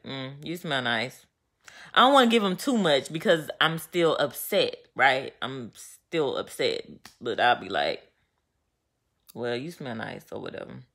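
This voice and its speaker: A woman chatting casually to her viewers, venting with animated storytelling and slang. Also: sits low. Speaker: vlogger. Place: home, getting ready.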